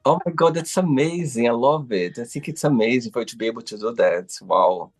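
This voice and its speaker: A man's voice: medium pitch, lively intonation, a little fast. A man hosting an interview over a video call, gushing with praise and repeating "I love it" and "wow". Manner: effusive, keeps saying "I love it" and "wow". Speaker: host. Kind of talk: interview host asking questions.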